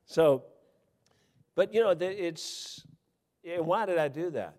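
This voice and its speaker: A man preaching to his congregation in a lively, folksy way. His delivery climbs to loud, emphatic peaks and then drops to near-confiding murmurs as he tells personal stories. A long reverb from the church hall trails each phrase. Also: slow, long pauses. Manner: animated preaching with wide swings in pitch and loudness, folksy asides and chuckles. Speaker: pastor. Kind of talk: sermon.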